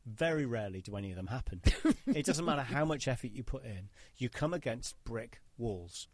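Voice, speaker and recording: A man's voice: medium pitch, expressive, fairly quick, few pauses, dry recording. A man hosting a podcast, teasing his guest and swearing casually as he talks. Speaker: podcast host.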